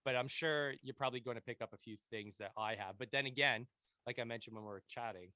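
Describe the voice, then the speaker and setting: A man's voice: medium pitch, fast, sharp tone, dry recording. A man in his thirties with a Canadian accent, hosting a casual podcast interview from his basement, chatty and rambling, often repeating words. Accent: Canadian English. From Montreal, Canada. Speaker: podcast host. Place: home basement.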